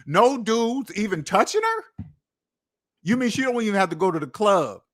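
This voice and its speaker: A man's voice: high voice, lively intonation, moderate pace, a bit bright. A man hosting a finance channel, ranting casually, incredulous and repeating lines for emphasis. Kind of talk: casual livestream rant.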